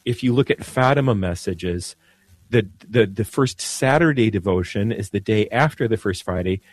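A man, a priest, speaking earnestly on the radio about devotion, slow and measured, often repeating a word as he searches for it. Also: fairly low pitch, lively intonation, dry recording. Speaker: priest guest. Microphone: studio mic.

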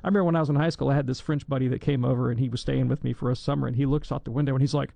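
Man from alabama, gravelly, dry studio sound, chatty, jokey on radio q&a. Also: medium pitch, fairly even intonation, racing, warm tone, dry recording. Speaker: guest theologian on call-in radio show. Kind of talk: casual radio Q&A.

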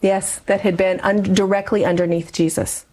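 Middle-aged woman, interview guest, mid pitch, earnest reflective testimony. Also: little pitch movement, moderate pace, mellow. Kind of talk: personal testimony in conversation.

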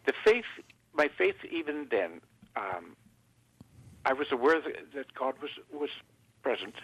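A man from Canada, a guest in an interview, speaking haltingly with many fillers and restarts. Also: medium pitch, very animated, fairly bright tone, breathy edge, dry recording, poor audio.

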